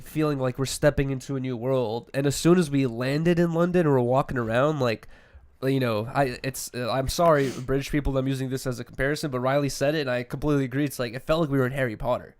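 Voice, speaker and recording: A young American man in his twenties hosting a podcast, telling a rambling, animated story full of slang and swearing. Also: medium pitch, fast, clean tone. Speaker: podcast host. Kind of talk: casual chat.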